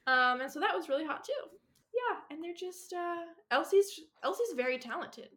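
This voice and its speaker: A woman's voice: very high-pitched, animated, normal speed, fairly bright tone. A woman co-hosting a chatty podcast, gushing about a book with many "um"s and "like"s and frequent giggles. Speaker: podcast co-host. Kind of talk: casual chat.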